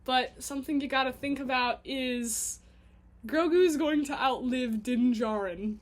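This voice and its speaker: A woman's voice: high voice, unhurried. A woman rambling in a casual video diary, chatty and scattered, humming to herself between thoughts. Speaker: vlogger.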